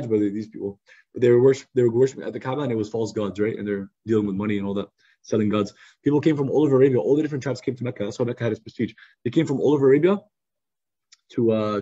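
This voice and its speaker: A man teaching a youth study circle in a lively, conversational storytelling style, acting out quotes over a video call. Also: mid-range voice, rapid-fire, slightly rough. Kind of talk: casual storytelling lesson. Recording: slightly muffled lo-fi recording.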